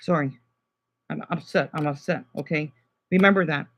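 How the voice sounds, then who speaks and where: A man's voice: on the high side, moderate pace. A man talks to his livestream chat in a loose, casual way, agitated and swearing often. The audio is dull and lo-fi.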